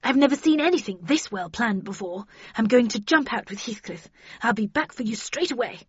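A woman voicing a stern old woman agent who speaks briskly and grimly. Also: medium pitch, lively intonation, husky, dry recording, muffled recording. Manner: brisk and grim.

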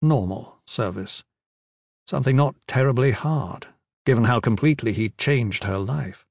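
A man reading fantasy fiction as an audiobook narrator in a measured, steady way. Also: medium pitch, creaky, no echo, clean studio sound. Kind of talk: scripted narration.

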